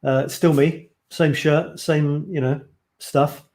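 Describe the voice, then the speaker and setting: A man's voice: a little high, steady tone, slow, darkish tone. Chatty man hosting a live stream. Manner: chatty, rambling, reads out viewer comments. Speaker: host of a photo challenge livestream. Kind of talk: casual live stream chat.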